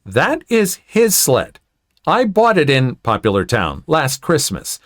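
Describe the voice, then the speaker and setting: A man voicing a fed-up young military mother who answers with sharp, indignant retorts. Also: on the high side, wildly swooping pitch, slow, no echo, studio quality, exaggerated voice. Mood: firm.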